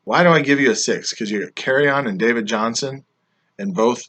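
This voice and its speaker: A man with a bright, forceful voice rambles through a review of his friends' teams, teasing as he goes. He often lets the ends of his sentences drop off quietly. His voice sounds slightly worn from talking. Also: medium pitch, brisk. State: voice getting worn. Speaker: fantasy football league member reviewing drafts. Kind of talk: casual chat grading friends' teams.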